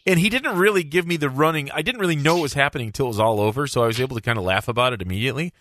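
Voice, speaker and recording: A man hosting a podcast, telling a story in casual chat, animated and laughing, with lots of restarts. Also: medium pitch, racing.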